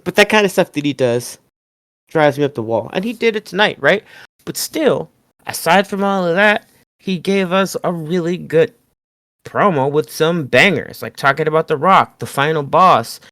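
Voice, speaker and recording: A man with a somewhat high voice hosting a casual podcast, animated and quick to swear or laugh. His voice sounds close and dry, with no room around it. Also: no echo. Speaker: podcast host. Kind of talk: casual wrestling review chat.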